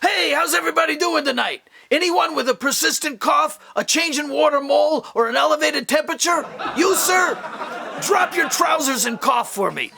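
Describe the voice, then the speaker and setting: A man's voice: very high-pitched, animated, moderate pace, creaky, sharp tone, pitched above the performer's own voice, heavily acted. A man impersonating a male doctor working as a brash stand-up comic, in club-comic patter.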